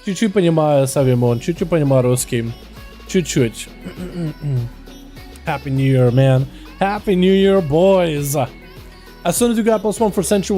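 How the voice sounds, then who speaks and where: High, mellow-voiced male game streamer. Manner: energetic, hyped, chatty with viewers. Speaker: streamer and duel commentator. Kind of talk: livestream game commentary.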